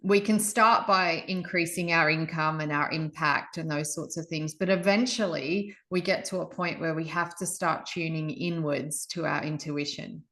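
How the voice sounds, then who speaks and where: Casting: Australian woman, interview host, reflective, on a video call, slightly low voice. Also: fairly even intonation, moderate pace, few pauses, sharp tone. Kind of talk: online interview.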